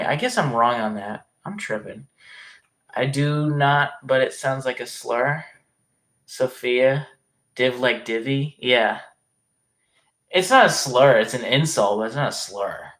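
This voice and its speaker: A man's voice: mid-range voice, animated, takes it slowly, pauses often, a bit bright. A man chatting casually on a livestream, reading comments aloud in a rambling, hesitant way and swearing often.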